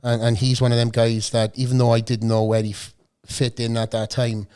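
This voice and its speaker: A man in his forties with a Welsh accent and a slightly hoarse voice from a cold, chatting casually on a podcast. He tells long stories with plenty of swearing and banter, at an everyday middle pitch. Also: flat delivery, a little fast, a little mellow. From South Wales. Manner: swearing, storytelling, joking. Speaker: guest. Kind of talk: casual chat. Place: podcast studio.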